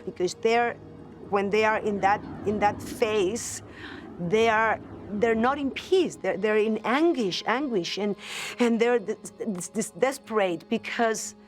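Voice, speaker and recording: Woman, earnest, halting, telling a ghost story, music under voice. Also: mid-range voice. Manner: earnest, searching for words, repeats phrases. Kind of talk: emotional personal storytelling to camera. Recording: voice over music score.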